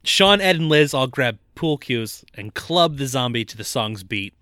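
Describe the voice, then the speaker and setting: A man's voice: medium pitch, animated, unhurried, pushed and bright, dry recording. A man co-hosting a podcast, casually recapping a film scene by scene in a laid-back, dry way. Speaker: podcast co-host.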